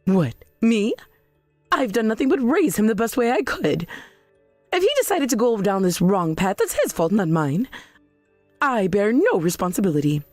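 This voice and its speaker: A woman voicing a self-righteous middle-aged mother in a scripted drama, shrill, demanding and defensive. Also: very animated, normal speed, darkish tone, dry recording, soft background music. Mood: indignant.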